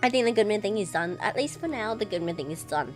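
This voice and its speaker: Fast-talking and lively, a young woman with a medium-pitched voice reacts expressively while live-streaming a game at home. Music plays behind her, and she keeps coughing, her throat scratchy from something stuck in it.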